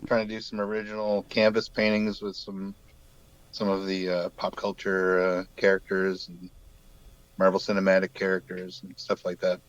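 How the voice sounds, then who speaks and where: A guest artist in his forties from New Brunswick, Canada, chats on a casual video call with a light local accent. His voice is low-pitched and completely flat at a moderate pace, the sound lo-fi, and he rambles easygoingly with plenty of fillers.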